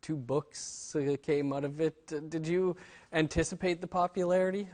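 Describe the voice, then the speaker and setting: A man hosting an interview, asking questions in a measured way with many hesitations. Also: fairly high pitch, steady tone, a little mellow. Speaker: interview host.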